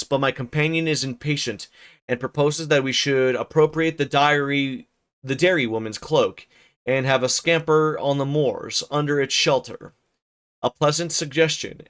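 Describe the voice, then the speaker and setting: A man's voice: mid-range voice, fairly bright tone, smooth. A man reading a classic novel aloud on a livestream, with stumbles, rereads and casual asides. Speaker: streamer narrating a novel.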